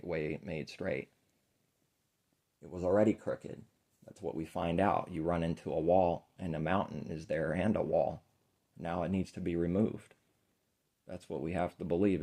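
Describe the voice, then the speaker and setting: A man preaching an informal sermon, rambling and earnest, often trailing off quietly. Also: low-pitched, gravelly.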